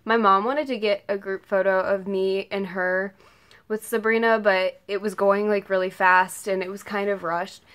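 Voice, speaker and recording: A teenage girl tells a casual story in a vlog, gushing and rambling as she goes. She leans on "like" and "oh my god" constantly. Her voice sits at an ordinary middle pitch. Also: little pitch movement, moderate pace, fairly bright tone. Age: late teens. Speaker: vlogger.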